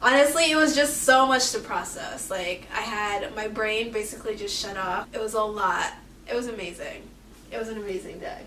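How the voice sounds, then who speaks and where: A woman in a casual vlog, telling an emotional story expressively and often trailing off softly. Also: medium pitch, normal speed, far from the mic, a little hiss or hum. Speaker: vlogger. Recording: echoey room, camera mic from afar.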